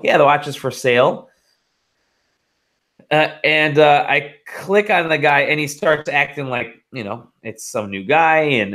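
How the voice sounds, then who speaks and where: A man's voice: medium pitch, fairly bright tone. A man co-hosting a casual podcast, rambling through stories with swearing and laughter. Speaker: podcast co-host.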